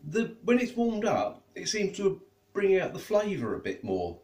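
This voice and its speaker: A man's voice: high voice, huge pitch swings, unhurried, darkish tone. A man chatting casually as he reviews food, tasting and eating while he talks. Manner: chatty, tastes and eats while talking. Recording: echoey room.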